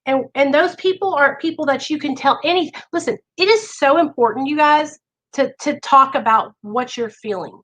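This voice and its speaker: A woman speaks straight to her viewers with a bright, forceful tone and a slightly high voice. She coaches in a chatty, earnest way, sprinkling in "like" and checking in with "okay?" as she goes. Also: moderate pace, rough recording. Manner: chatty, with many "like" fillers. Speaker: vlogger sharing recovery advice. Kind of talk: casual advice talk to camera.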